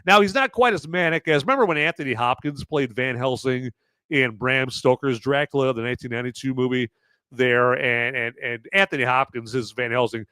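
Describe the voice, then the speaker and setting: Smooth-voiced rambling podcast host, man. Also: mid-range voice, brisk, no room sound, clean studio sound. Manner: rambling and digressive, animated. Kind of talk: casual movie review.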